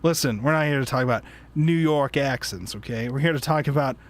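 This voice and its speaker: Speaking in a mid-range voice at a slightly fast clip, the male podcast host leads a laid-back book club conversation. He rambles, laughs, leans on fillers, and breaks off his own sentences again and again.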